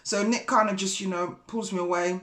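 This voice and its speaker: Woman, vlogger, indignant, animated storytelling, mid-pitched voice. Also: fairly quick. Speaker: vlogger and mortgage broker. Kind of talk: casual storytelling vlog.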